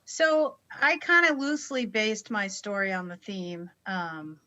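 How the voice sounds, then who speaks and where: A woman stand-up comic with a bright, forceful tone starts a personal story over a video call. Her delivery is lively and upbeat. Her pitch stays in a middle range for a woman. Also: unhurried, lo-fi sound. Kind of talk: comedic storytelling.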